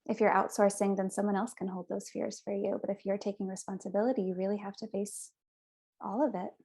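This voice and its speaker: A woman's voice: mid-range voice, steady tone, fairly quick, dark tone, slightly rough. A young woman guest on a podcast, telling her personal story in an earnest, chatty way. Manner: earnest, chatty, with small restarts.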